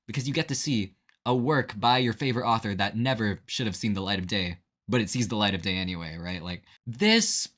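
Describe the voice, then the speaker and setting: A man's voice: fairly low pitch, a bit bright. A young man giving a casual, rambling spoiler review full of fillers, often checking in with the listener. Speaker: book reviewer.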